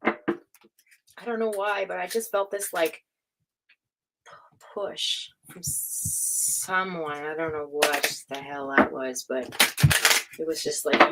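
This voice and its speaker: A woman giving a casual livestream tarot reading, excitable, swearing freely and laughing often. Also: fairly low pitch, slow, long pauses, noisy background. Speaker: tarot reader.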